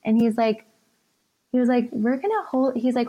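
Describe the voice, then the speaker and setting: A woman in her thirties, a podcast guest, telling a candid personal story in a chatty way, full of fillers and soft laughs. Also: a little high, animated, normal speed, long pauses.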